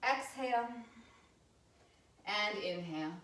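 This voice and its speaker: A yoga teacher in her thirties talks students through poses and breaths, mixing calm cues with candid, chatty asides. Her medium-pitched voice sits a little back from the mic, with a roomy echo around it. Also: slow pace. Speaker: yoga instructor. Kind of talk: live yoga class instruction. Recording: roomy sound from a distance from the mic.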